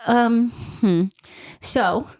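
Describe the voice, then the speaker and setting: A woman's voice: on the high side, very slow. A young woman telling stories as a podcast guest, chatty and full of "like" fillers. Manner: chatty, many "like" fillers, animated voicing of others. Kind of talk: casual storytelling.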